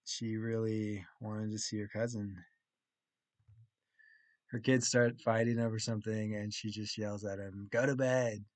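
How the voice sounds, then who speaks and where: Slow, low-voiced young man recounting. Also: little pitch movement, no echo. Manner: plainly retelling a story step by step, with pauses and restarts. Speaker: college student. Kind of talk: casual vlog recap of a class week.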